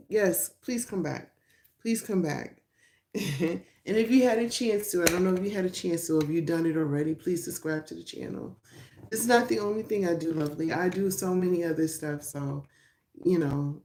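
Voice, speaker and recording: A woman's voice: fairly low pitch, mellow. Chatty middle-aged woman, roomy phone sound. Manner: chatty, rambling, laughs often. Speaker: livestream host. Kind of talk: casual live-stream chat with viewers. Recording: roomy echo.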